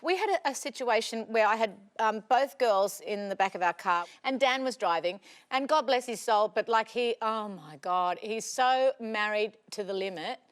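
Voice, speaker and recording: An Australian woman comedian telling comic stories, animated and self-mocking, often breaking into laughter. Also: a little high, normal speed, hardly any pauses. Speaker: comedian guest. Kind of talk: comic storytelling.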